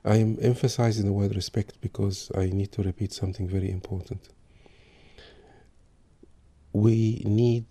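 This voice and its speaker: Low, dark-voiced man giving parenting advice. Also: husky. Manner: calm, advisory, gives examples. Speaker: parenting speaker. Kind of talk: talk on parenting.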